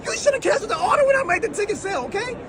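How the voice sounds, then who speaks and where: A man's voice: extremely high pitch, sing-song, rapid-fire, a loud crowd, voice pushed up. A man playing a stubborn, stranded football fan who whines and pleads that he won't leave. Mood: stubborn whining. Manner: pleading, wailing, indignant.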